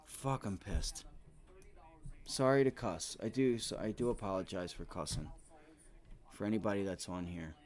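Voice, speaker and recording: With a lowish, slightly mellow voice at normal speed, this thirty-something day-trading streamer chats casually to his audience and to himself about the chart. He swears occasionally and sometimes sounds frustrated.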